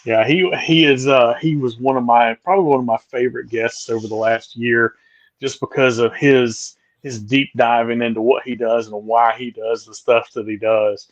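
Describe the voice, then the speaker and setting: A man hosting a podcast interview in a relaxed, halting way, full of fillers and restarts. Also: medium pitch, no room sound, muffled recording. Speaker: podcast host. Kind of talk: casual interview chat.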